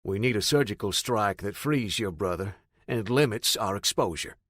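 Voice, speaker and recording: Casting: man reading steady older ex-officer dad, low and measured, dry. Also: no echo. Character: calm older father, ex-officer. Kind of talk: audiobook narration.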